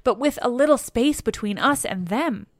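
A woman's voice: on the high side, animated, normal speed, no room sound, clean studio sound, lightly acted. A woman reading the lines of an old male warrior counselor in an earnest, urging, formal manner, in her own voice. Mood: earnest, urgent.

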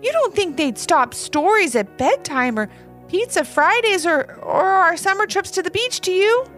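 A woman reads aloud as a little girl who can barely contain her joy, her voice soaring high and bouncing all over in breathless squeals. This storybook girl rushes her words and is eager to share everything. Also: big pitch swings, a bit bright, soft background music, heavily acted. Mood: pleading. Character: excited little girl wanting to be big sister.

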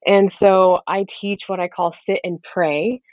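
A woman working as a parenting coach, explaining her method in a steady, instructive way. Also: fairly low pitch, takes it slowly, dry recording. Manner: steady, instructive, lays out steps. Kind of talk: explaining in an interview. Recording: slightly dull lo-fi audio.

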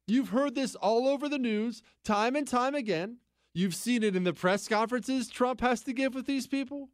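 Speaking at a moderate pace, a political talk radio host runs through a sarcastic monologue, mocking by repetition and breaking into incredulous, high-pitched outbursts. He's animated throughout, and the recording is dry and studio quality.

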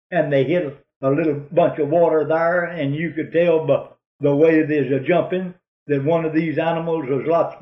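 A man with a drawl tells a long hunting yarn in a rambling, folksy way. His voice sits a little high for a man. The sound is dull and roomy, like an old tape recording. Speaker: storyteller.

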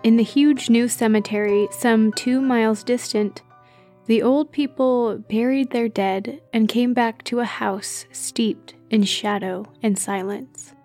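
A woman narrates an audiobook at an unhurried, very slow pace. Her voice sits a little high, steady and measured, with faint music behind her.

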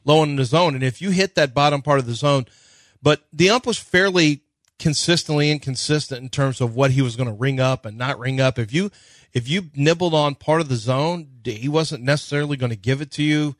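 A man co-hosting sports radio, breaking down pitching in an analytical way. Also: a little fast, no room sound. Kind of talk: casual sports talk.

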